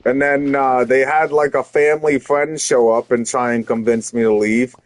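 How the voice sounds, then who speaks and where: A man's voice: medium pitch, steady tone, normal speed, dry recording. A man streaming, telling an angry story with constant swearing and heated retorts. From Canada. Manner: heated, profane, rising to shouted retorts.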